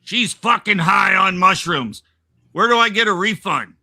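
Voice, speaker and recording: A man's voice: sits high, lively intonation, unhurried, sharp tone, pitched above the performer's own voice, full character voice. A man grumbling as a cranky older husband. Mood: grumpy. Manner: curt, grumbling.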